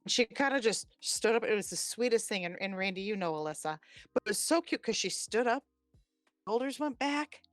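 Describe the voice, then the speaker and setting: A woman in her forties, a podcast host, telling a personal story in an animated, chatty way. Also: mid-range voice, brisk, no room sound, soft background music. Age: 40s. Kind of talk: casual storytelling chat.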